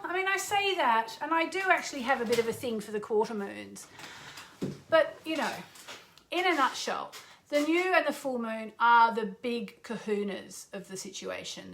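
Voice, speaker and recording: A woman's voice: a little high, a bit bright, slight background noise. A middle-aged woman astrologer hosting a live stream, chatting casually, joking about herself and greeting viewers by name. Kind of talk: casual livestream chat.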